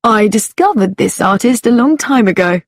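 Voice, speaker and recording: A woman voicing a kind, devoted young policeman in a slow storybook reading for learners, calm and tender. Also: fairly high pitch, dry recording, studio quality.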